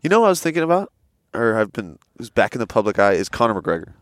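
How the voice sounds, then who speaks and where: A young man co-hosting a podcast in a dry, close-miked room. His voice sits a little low, but he bursts upward to act out what others said. He rambles through stories and swears freely. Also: fast, dry recording. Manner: animated storyteller, swearing, acts out quotes. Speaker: podcast co-host. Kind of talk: casual chat. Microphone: headset.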